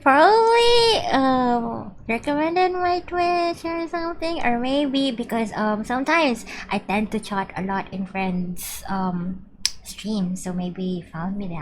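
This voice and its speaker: A woman's voice: medium pitch, slight background noise. A woman chatting bubbly and casually with viewers while playing a game on stream. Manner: chatty and bubbly, reading out chat.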